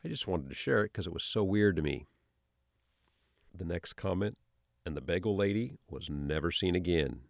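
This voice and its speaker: Deep gravelly male story narrator. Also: animated, normal speed, pauses often, no room sound, studio quality. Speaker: channel narrator. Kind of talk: scripted narration of online stories.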